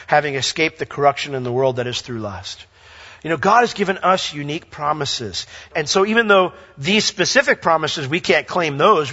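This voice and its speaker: An animated male pastor preaches with a high, bright voice, reading scripture aloud and acting out little exchanges. His voice rings through a long, reverberant hall. The recording is dull and lo-fi. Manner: animated, acts out dialogue and reads scripture aloud. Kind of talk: sermon.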